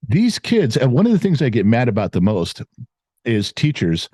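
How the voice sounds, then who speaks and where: A middle-aged man, speaking with a lively, swinging pitch and a dark, mellow tone. He makes his case emphatically, often repeating words for stress. The recording is dry, with no room echo. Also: moderate pace. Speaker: guest commentator. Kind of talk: opinionated casual chat.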